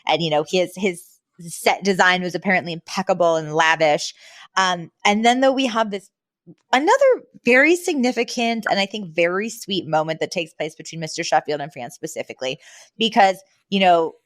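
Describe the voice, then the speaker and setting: A woman co-hosting a podcast, chatting casually about a sitcom episode, animated and laughing often. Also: on the low side, normal speed, no echo. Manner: animated, laughs often, acts out quoted lines. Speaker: podcast co-host.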